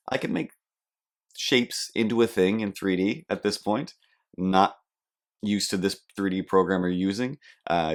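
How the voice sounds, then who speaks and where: A young man hosting a podcast, telling a rambling, self-deprecating comic story with animated asides. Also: low voice. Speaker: podcast host. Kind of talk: comedic storytelling monologue.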